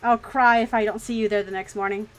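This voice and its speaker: A woman's voice: medium pitch, fast talker, rough recording. Chatty, swearing woman streamer. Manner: animated, swears freely, laughs often. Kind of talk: casual storytelling chat.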